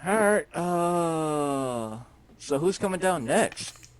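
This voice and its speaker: A man's voice: fairly high pitch, lively intonation, extremely slow, a little hiss or hum. A man playing a tabletop game over voice chat, hesitant and full of fillers. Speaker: player. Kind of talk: casual tabletop banter.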